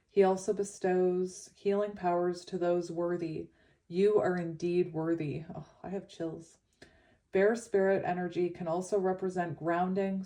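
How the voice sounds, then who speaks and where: A woman giving a tarot reading, reading card meanings aloud and talking them over in a gentle, rambling way. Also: lowish voice. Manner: gentle, rambling, with frequent fillers and soft laughs. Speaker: tarot reader.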